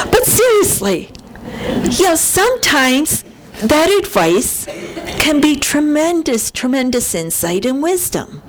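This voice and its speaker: A woman's voice: sits high, sing-song, a little slow, crowd noise, poor audio. A woman from Buffalo, New York, preaching a sermon at a church and telling a humorous personal story with frequent laughter. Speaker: speaker at a church service. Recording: noticeable background noise.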